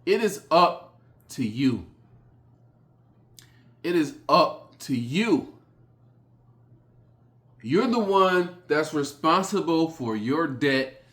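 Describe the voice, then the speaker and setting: A man delivers a blunt motivational speech, hammering the same short phrases over and over. He speaks slowly and deliberately in a fairly high voice. His lines often swell into forceful rises. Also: lively intonation. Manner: slow, emphatic delivery with sudden loud rises.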